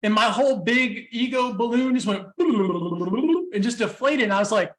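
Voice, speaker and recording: A man's voice: very high-pitched, animated, unhurried. A man talking as a guest on a podcast, telling stories animatedly, with frequent "you know"s and restarts. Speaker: podcast guest, speaker and coach. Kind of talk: casual podcast conversation.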